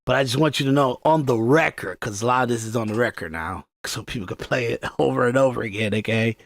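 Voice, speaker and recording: Gravelly male podcast host from Detroit. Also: mid-range voice, fast. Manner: animated, repetitive, emphatic. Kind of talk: podcast commentary.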